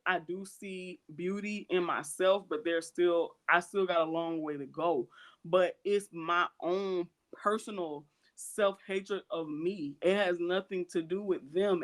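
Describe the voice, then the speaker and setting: Woman, podcast co-host, casual candid chat, earnest, emphatic, repeats herself for stress. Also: on the low side.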